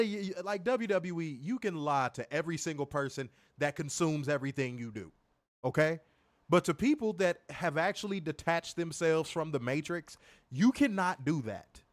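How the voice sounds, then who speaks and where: A man with a fairly high voice hosts a wrestling review livestream, ranting casually in a profane, mocking, emphatic way. The recording has no echo.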